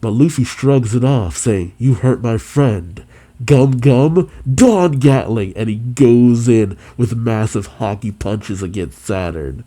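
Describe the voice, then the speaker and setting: A man's voice: on the low side, dark tone. A man reading a manga chapter aloud, casually commenting and swearing freely between panels. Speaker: manga reaction host.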